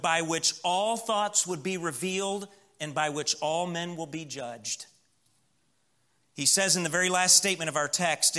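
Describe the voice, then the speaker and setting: A man's voice: a little high, sharp tone. A man preaching a sermon in a church, building emphatic lists and acting out quoted voices in an anecdote. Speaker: pastor.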